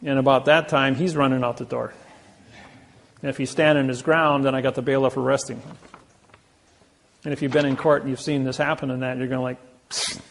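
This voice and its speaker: A man's voice: medium pitch, level tone, brisk, gravelly, pauses often. A man speaking to a live audience, telling boastful stories and acting out the quotes of others. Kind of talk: anecdotal lecture to a live audience.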